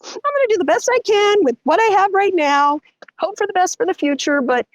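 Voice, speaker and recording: A middle-aged woman, telling a story as a guest in an interview, animated and vivid. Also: fairly quick, no echo, lo-fi sound. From Texas. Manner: animated, vivid storytelling with lots of pitch swings.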